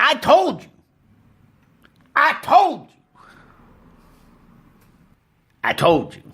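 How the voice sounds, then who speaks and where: A self-righteous middle-aged rock-star father rambles slowly through his stories, as a man puts on the impression. His voice is husky and drawling, and it rises and falls widely. He talks unhurriedly, full of pauses and bluster. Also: on the high side, sharp tone, exaggerated voice. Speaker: podcast host. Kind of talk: comedic impression monologue.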